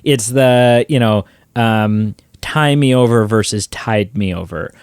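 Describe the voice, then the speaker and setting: A man hosting a movie podcast, ranting in an exasperated, animated way in casual chat. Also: fairly low pitch, takes it slowly, clean tone, no room sound, studio quality. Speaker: podcast host.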